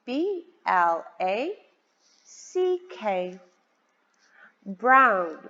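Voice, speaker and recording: Woman teacher for young kids, very slow and lively sing-song delivery, words spelled out; lo-fi, reverberant sound. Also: fairly high pitch. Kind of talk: children's vocabulary lesson. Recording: dull lo-fi sound with long reverb.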